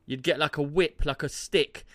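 A man's voice: fairly high pitch, fairly even intonation, moderate pace, fairly bright tone, no echo, clean studio sound. A man telling stories and teasing his friends in a casual chat. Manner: teasing, storytelling. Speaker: podcast co-host.

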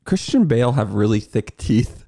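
A man's voice: mid-range voice, big pitch swings, normal speed, vocal fry, mellow. A man in a casual chat, talking in a musing, hesitant way.

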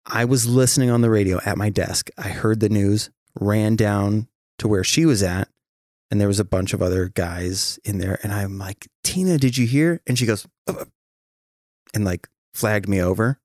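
Profane, animated man chatting. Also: fairly low pitch, moderate pace, no room sound, clean studio sound. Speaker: podcast host. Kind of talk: casual chat.

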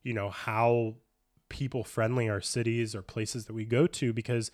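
A man co-hosting a podcast, telling stories in an enthusiastic, animated casual chat. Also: mid-range voice, normal speed. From United States. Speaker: podcast co-host.

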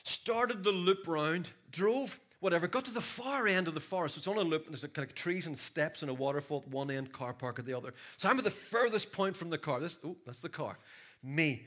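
A man preaching a sermon in a church, swinging from loud shouts to hushed storytelling. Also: a little high, lively intonation, brisk. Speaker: pastor. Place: church hall.

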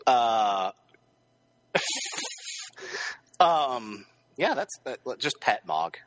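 A man talks slowly while playing a text game, his pitch swinging widely. His bright voice sits in a dry, close sound, and he hedges with ums before tossing out dry jokes. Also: wildly swooping pitch, no room sound. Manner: hesitant, with many ums, dry joking asides. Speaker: guest player. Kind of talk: casual chat playing a game.

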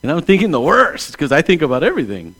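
A man in his sixties, a pastor, preaching a conversational sermon that moves between hushed asides and emphatic calls. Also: fairly high pitch, huge pitch swings, fast talker, breathy edge. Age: 60s.

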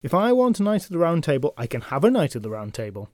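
A man's voice: fairly high pitch, big pitch swings, fast talker, a little mellow, no room sound, studio quality. A man voicing a petulant, possessive knight who collects captured knights, with a childish, whiny way of talking.

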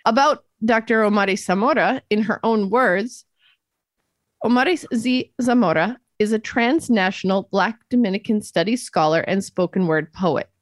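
A woman co-hosting an academic podcast, reading a script clearly and at a measured pace. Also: mid-range voice, dry recording, clean studio sound. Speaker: podcast co-host, professor.

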